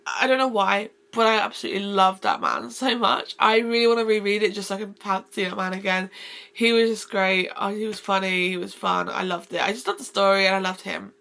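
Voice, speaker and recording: Casual woman book vlogger: effusive, rambling, fry-heavy delivery. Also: medium pitch, brisk, fairly bright tone. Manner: gushing and effusive, rambling with restarts. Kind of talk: casual book-review vlog.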